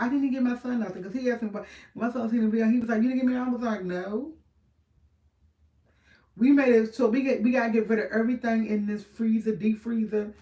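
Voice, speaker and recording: A woman's voice: a little high, far from the mic. A middle-aged woman, chatting casually and rambling with viewers on a livestream, laughing often. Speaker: livestream host. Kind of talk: casual live chat with viewers. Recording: roomy sound from off-mic.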